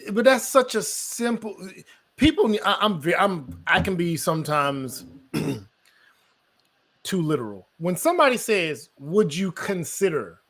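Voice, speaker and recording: Man talking in halting restarts. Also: high-pitched, sing-song, a bit bright. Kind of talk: casual conversation.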